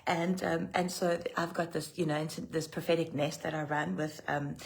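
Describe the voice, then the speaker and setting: A middle-aged South African woman with a loud voice and a low, gravelly tone, talking straight to her webcam. She rambles in a casual livestream devotional, laughs often and picks up viewer comments as she goes. The fry in her voice is always there. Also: flat delivery, normal speed. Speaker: pastor and prophetic minister.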